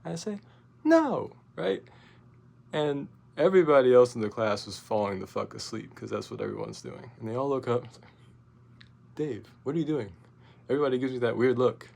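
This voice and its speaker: Talking fast in a mid-range voice with vocal fry, a young vlogger spins a rambling, profanity-laced tale full of fillers and restarts. He turns loud and animated while recounting his outburst.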